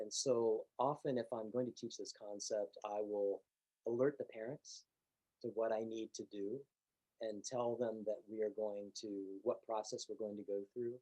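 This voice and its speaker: A man teaching piano, explaining calmly and patiently, step by step. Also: lowish voice, husky, low-quality recording. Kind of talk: instructional demonstration.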